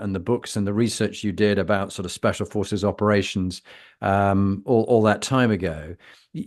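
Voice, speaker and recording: A British man hosts a conversational interview, telling stories animatedly and taking long wind-ups before reaching his question. His voice is fairly low-pitched.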